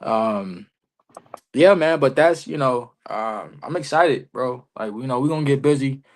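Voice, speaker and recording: A young man talks through his wrestling stories on a remote podcast call, animated and full of street slang. His voice sits at an ordinary middle pitch for a man. He tells it loose and conversational, acting out the lines he quotes. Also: unhurried. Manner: animated, slangy, lots of "bro" and "you feel me". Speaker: wrestler guest. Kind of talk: casual interview storytelling.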